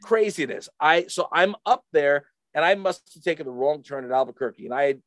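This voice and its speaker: A man casually telling a rambling, animated story full of fillers to a friend. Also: a little high, fairly quick, no room sound. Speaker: storyteller in a chat.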